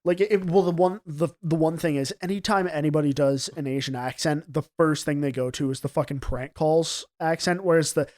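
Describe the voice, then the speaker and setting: A man's voice: a little high, fairly quick, hardly any pauses, a little mellow. A man talking casually about running a tabletop game, rambling and swearing freely. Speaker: podcast co-host and game master. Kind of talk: casual chat.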